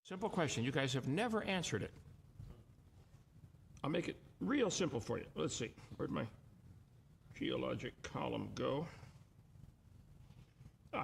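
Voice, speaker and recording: A man's voice: mid-range voice, vocal fry, fairly bright tone, slight background noise. A man hosting a call-in show, lecturing in an emphatic, mocking way. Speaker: host. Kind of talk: argumentative call-in commentary.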